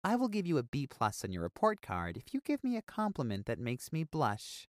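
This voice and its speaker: Brief: teasing storybook teacher , narrator doing it, playful and lilting. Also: female voice, very deep voice, huge pitch swings, a little fast, no room sound, clean studio sound, exaggerated voice. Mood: coy.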